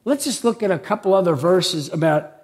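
A man preaching a sermon as pastor, conversational, with many tag questions and frequent throat clearing. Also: high voice, lively intonation, a little fast, a little mellow. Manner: clears his throat often.

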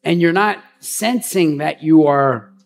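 Pastor, man, higher-pitched and gravelly voice, rambling conversational sermon. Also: slow. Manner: chatty and rambling, with frequent restarts and asides.

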